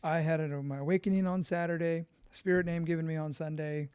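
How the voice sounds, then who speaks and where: A middle-aged man from California, a podcast guest, telling his story in an animated, profane way and acting out quotes. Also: on the high side, a little fast, clear, resonant tone.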